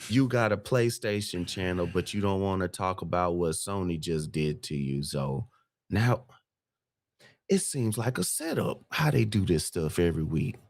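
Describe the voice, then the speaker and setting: A male guest in casual gaming podcast chat. His voice is very low, and the dry, close recording has no room sound. He keeps a deadpan, sarcastic, playful tone. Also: normal speed, vocal fry, no echo.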